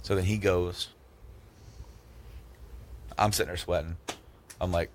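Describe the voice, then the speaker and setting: A man's voice: sits low, fairly even intonation, a little slow, long pauses, a little hiss or hum. A man in his thirties hosting a podcast, telling a story in casual chat and acting out both sides with raised voices. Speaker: podcast host.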